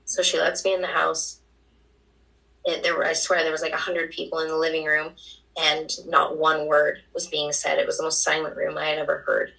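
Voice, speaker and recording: Distant gravelly woman telling her story. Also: deep voice, completely flat delivery, bright, forceful tone. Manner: emotional, quick-paced storytelling. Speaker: guest. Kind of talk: personal storytelling.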